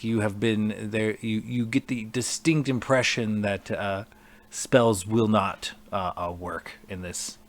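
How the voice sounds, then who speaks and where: A man narrating a tabletop game as game master, stumbling through descriptions with many fillers. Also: fairly low pitch. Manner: halting, with many fillers and stutters.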